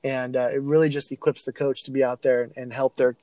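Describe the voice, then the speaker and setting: Animated man telling coaching stories. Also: medium pitch, fast, no echo. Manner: animated storytelling with many restarts and fillers. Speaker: guest, athlete mental-skills speaker. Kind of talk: casual podcast interview.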